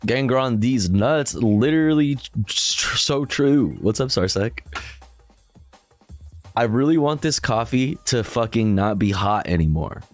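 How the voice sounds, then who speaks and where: A man's voice: mid-range voice, expressive, measured pace, faint music behind. A man chatting casually and crudely with viewers on a livestream while he reacts to clips.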